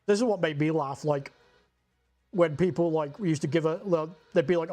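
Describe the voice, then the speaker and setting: A man's voice: a little high, moderate pace, dark tone. Rambling sweary Scottish young man. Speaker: livestreamer painting miniatures. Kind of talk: casual chat while painting.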